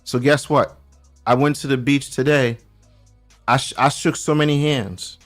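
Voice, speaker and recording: A man from New York with a New York accent, chatting casually as a guest and telling animated stories in loose slang. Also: mid-range voice, measured pace, soft background music. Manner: animated storyteller, acts out quoted voices, loose slangy talk. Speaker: podcast guest. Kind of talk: casual chat. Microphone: remote call.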